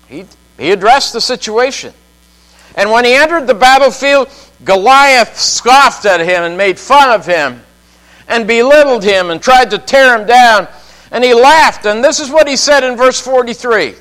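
Slow high-voiced preacher. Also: male voice, a bit bright, poor audio. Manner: emphatic, dramatic pauses, chuckles often. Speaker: pastor. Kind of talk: sermon.

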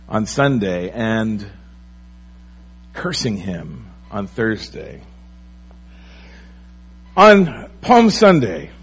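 Pastor, male, husky voice, slow unhurried delivery, sermon with lively swings in emphasis. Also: medium pitch, low-quality recording. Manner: animated preaching, rising and falling emphasis.

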